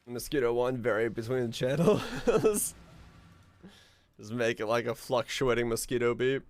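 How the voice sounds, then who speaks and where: A man's voice: medium pitch, fairly quick. A man streaming a video game, chatting casually with viewers and ranting with lots of swearing. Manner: profane, animated ranting with bursts of laughter. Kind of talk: casual live-stream chat.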